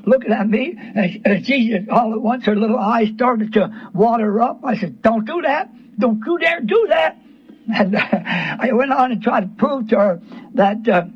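A middle-aged male radio preacher speaks in a high, breathy, husky voice. His delivery is earnest and halting, full of restarts and repeated words. The sound is dull and lo-fi, like an old radio broadcast. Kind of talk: sermon.

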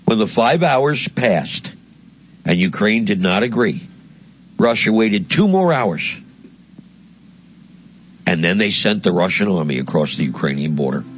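This political commentator speaks at a fairly low pitch and a measured pace, very animated yet leaving long pauses. His heated monologue is blunt, crude, and full of mockery.

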